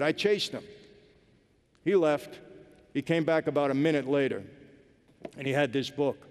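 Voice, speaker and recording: A man's voice: a little high, normal speed, long pauses. A man giving an earnest personal testimony, speaking emphatically and directly to his audience. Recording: long reverb of a large hall.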